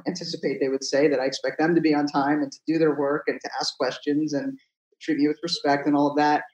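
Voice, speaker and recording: A man's voice: a little high, echoey room, poor audio. A man who teaches at a college, a guest on a podcast, explaining his views in a thoughtful, reflective way. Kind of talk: conversational interview.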